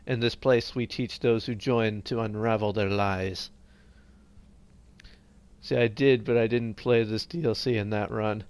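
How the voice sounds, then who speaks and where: A man's voice: fairly low pitch, steady tone, unhurried, darkish tone, clean tone. Tired, rambling male game streamer. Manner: rambling, reads game text aloud, trails off mid-sentence. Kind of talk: casual live gameplay commentary.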